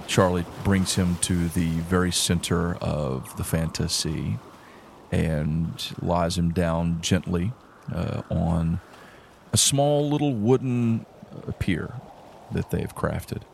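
A man narrating a tabletop game as game master, in slow descriptive narration with fillers. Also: low-pitched, gravelly, slight background noise.

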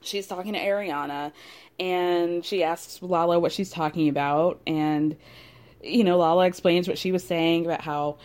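A woman's voice: fairly low pitch, steady tone, normal speed, darkish tone. A young woman casually recapping a reality TV episode with chatty, sarcastic asides.

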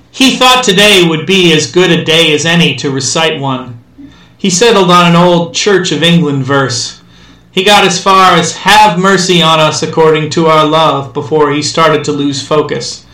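Bright, wry male storyteller, echoey. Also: a little high. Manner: wry, dry comic timing. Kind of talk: scripted narration. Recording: echoey room, distant mic.

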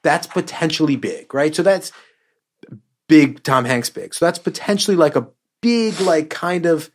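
A man's voice: on the high side, unhurried. A man co-hosting a film podcast, emphatic and repetitive, building his arguments in bursts. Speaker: podcast co-host. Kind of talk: casual chat.

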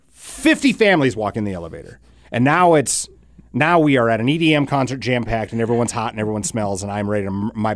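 With a medium-pitched voice and no echo, a podcast host rambles through a long anecdote, peppering it with profanity. He animates the tale by putting on exaggerated voices for the people he quotes.

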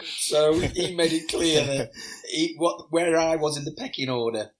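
A middle-aged former footballer, a man, telling animated anecdotes in a casual podcast interview, often stammering and repeating words. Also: medium pitch, fairly quick, low-quality recording.

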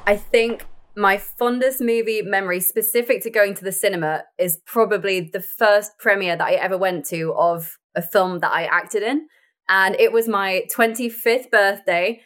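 A woman's voice: mid-range voice, normal speed, fairly bright tone. A young woman, an actor, telling stories in a casual interview and laughing often. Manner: bubbly, laughs often, chatty storytelling. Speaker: actor and guest.

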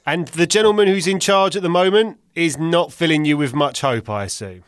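A man's voice: a little high, fairly quick, smooth, dry recording, clean studio sound. A man hosting a casual chat who teases his guest with questions. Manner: laughing, teasing questions. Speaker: podcast host.

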